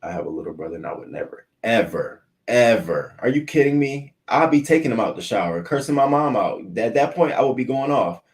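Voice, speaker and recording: A man hosting a casual morning news livestream from a swivel chair at home, animated and swearing, talking back to viewer comments. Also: mid-range voice, fast, few pauses. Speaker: host of a morning news show.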